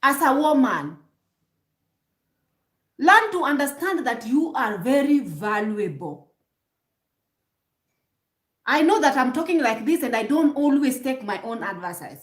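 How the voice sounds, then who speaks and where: High, lively woman lecturing. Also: a little slow, pauses often, reverberant. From Kenya. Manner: emphatic, preachy, rhetorical "hmm?" prompts, frequent restarts. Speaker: vlogger giving relationship advice. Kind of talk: direct-to-camera advice monologue.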